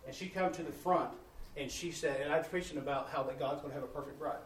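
A man's voice: fairly high pitch, fast talker, a little hiss or hum. A man, a missionary preacher telling testimonies in a folksy sermon style, acting out the dialogue. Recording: echoey room, distant mic, faint ambience.

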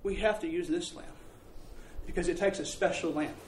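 A man's voice: normal speed, slight background noise, close to an everyday voice. A preacher doing a grave, solemn father. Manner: solemn, low and hushed. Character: grave, stern father of a family. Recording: roomy, from a distance.

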